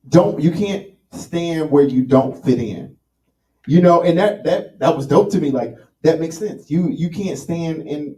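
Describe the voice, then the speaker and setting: An earnest man telling on stage the life advice he carries with him, often hesitating with ums. His tone is mellow and even. He sounds distant in a roomy, echoing space. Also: mid-range voice. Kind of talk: reflective storytelling on stage.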